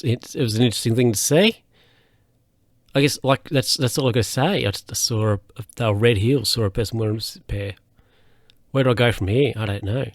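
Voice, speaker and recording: A man's voice: medium pitch, no room sound, studio quality. A man hosting a solo podcast, telling stories in a rambling, hesitant way with lots of fillers and restarts. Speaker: podcast host.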